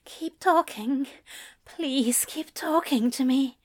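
A woman's voice: sits high, slow pace, darkish tone, voice pushed up. A woman voicing a flustered, desperate male angel who pleads and whimpers breathlessly.

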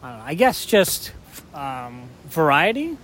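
A man's voice: fairly high pitch, big pitch swings, a little slow, a bit bright, slight background noise. A middle-aged man co-hosting a podcast, telling rambling stories with jokes in a casual chat. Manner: rambling, joking storyteller. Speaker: podcast co-host.

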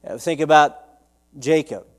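A male pastor preaching a sermon in church, acting out anguished prayers with his voice climbing sharply, then dropping low to explain. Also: a little slow. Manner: preaching with dramatic acted-out prayers, voice rising sharply when quoting.

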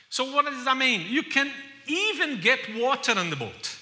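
A man's voice: very high-pitched, very animated, moderate pace, few pauses. Impassioned preacher man in a reverberant hall. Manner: impassioned, repetitive preaching that builds to loud cries. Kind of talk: sermon.

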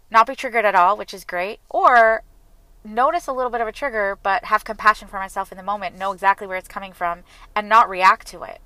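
Bright, earnest woman sharing openly. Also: medium pitch, no echo, poor audio. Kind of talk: personal reflective talk.

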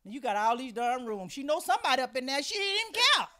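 A woman's voice: high-pitched, big pitch swings, fast, background noise. A middle-aged woman, the host's mother, chatting casually, scolding her son and telling stories. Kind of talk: casual chat.

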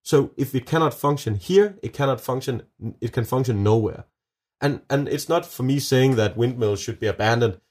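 A man's voice: mid-range voice, normal speed, darkish tone. A man with a Danish accent, answering interview questions as a nuclear energy advocate, earnest and emphatic with many restarts. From Denmark.

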